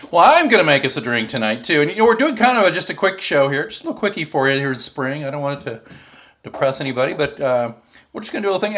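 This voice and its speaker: A man's voice: a little high, fairly bright tone, a little hiss or hum. A man hosting a casual home cocktail show, chatting and joking as he mixes drinks at his bar. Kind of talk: casual chat while mixing drinks.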